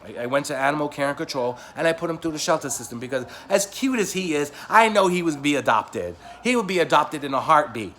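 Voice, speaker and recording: A vlogger tells his own story in a voice pitched a little high for a man. He rambles and doubles back over his words, and his telling turns heated and loud as the feeling builds. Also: lively intonation, quick pace, hardly any pauses, slight background noise. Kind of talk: personal storytelling to camera.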